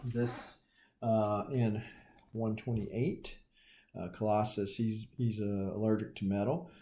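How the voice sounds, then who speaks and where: A man with a Southern US drawl, slightly low and mellow in tone, talking through his comic collection. He drops folksy jokes along the way, and a faint hiss runs under his voice. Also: level tone, slow pace. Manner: folksy, joking asides. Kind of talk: casual show-and-tell.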